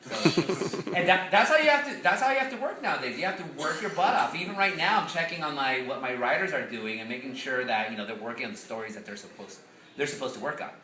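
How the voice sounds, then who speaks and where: A man in his thirties from the United States, speaking as a guest to an audience in an animated storytelling way, laughing often. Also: medium pitch, quick pace, slight background noise. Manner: animated, laughs often, playful Spanish slang. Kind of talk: lively storytelling talk to an audience. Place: hall with an audience. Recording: echoey room, mic far off.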